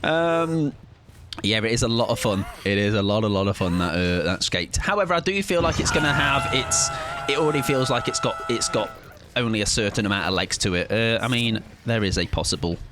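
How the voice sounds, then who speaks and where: A man streaming a game with casual, jokey commentary, often jumping into squealing high-pitched bursts. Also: animated, brisk, background noise.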